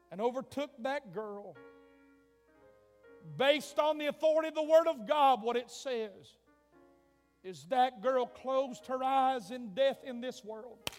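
A male preacher telling a story in a revival sermon, dramatic, swinging from hushed tones to shouts. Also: extremely high pitch. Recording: long hall reverb, faint music.

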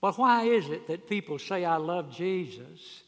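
A man preaching a sermon, telling folksy stories and rising to loud, emphatic peaks. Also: high voice, lively intonation, a little slow. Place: church sanctuary. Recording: long reverb of a large hall.

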